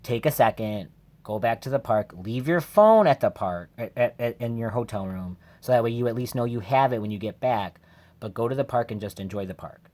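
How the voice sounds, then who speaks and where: A man's voice: medium pitch, animated, fairly quick, a little mellow. A man vlogger telling a personal story in a casual, rambling way, candid and emotional, full of "like" fillers. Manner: rambling, heavy use of "like" fillers.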